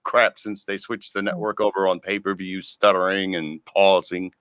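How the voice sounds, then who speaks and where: A man's voice: deep voice, flat delivery, moderate pace, a bit bright, clean tone, no room sound, studio quality. A man hosting a casual podcast chat, making sarcastic, jokey asides to his co-host and listeners.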